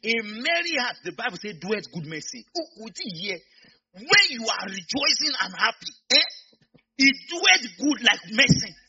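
A man with a Nigerian accent preaching a sermon, swinging from quiet asides to loud shouts. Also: very high-pitched, very animated, normal speed, breathy edge, muffled recording.

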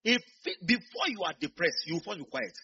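Animated Nigerian preacher, high husky voice. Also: male voice, a little fast, dull audio. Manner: animated, swings from quiet asides to shouting. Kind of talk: sermon.

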